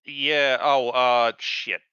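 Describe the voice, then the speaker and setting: Podcast co-host, man, bright and forward, dull dry recording, rambling and profane. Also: mid-range voice, very slow, smooth, dry recording. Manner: rambling, swears a lot, lively. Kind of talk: casual profane chat.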